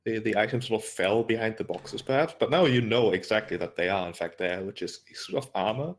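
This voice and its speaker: A man's voice: on the low side, fairly quick. A man narrating as game master in a tabletop game, describing scenes hesitantly with frequent fillers and restarts.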